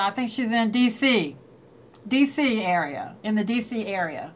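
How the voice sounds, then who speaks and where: A woman's voice: a little high, fairly bright tone. A woman hosting a casual live stream, chatting and greeting viewers by name and laughing often. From North Carolina.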